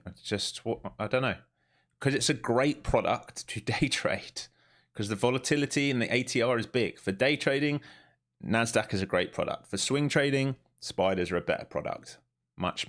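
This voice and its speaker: Brief: male day-trading streamer, lowish voice, joking live commentary with the odd curse. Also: vocal fry, a bit bright. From not from the United States. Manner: joking, swearing, thinking aloud over charts.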